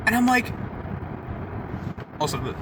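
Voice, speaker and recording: Young guy ranting outside w/ traffic noise, cusses a ton, says like constantly, highish voice that jumps all over. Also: sing-song, unhurried. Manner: rambling, profane, heated, heavy use of "like". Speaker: vlogger. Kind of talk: casual storytelling. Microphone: camera set down nearby.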